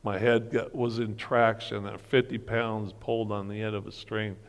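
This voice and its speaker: A middle-aged man giving an earnest personal testimony as a guest speaker, telling his story slowly. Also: fairly low pitch, little pitch movement, long reverb tail. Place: church hall breakfast gathering.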